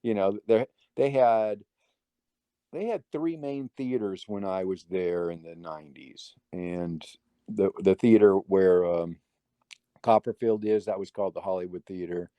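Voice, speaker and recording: A man's voice: low-pitched, measured pace, mellow, no room sound. A middle-aged man, a guest magician, telling long stories in a casual interview, rambling with many restarts and quoting other people's words.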